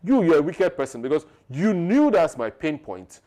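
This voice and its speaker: A man's voice: on the high side, big pitch swings, moderate pace, dark tone. A man co-hosting a podcast, talking emphatically and laughing often. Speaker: podcast co-host. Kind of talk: conversational podcast talk.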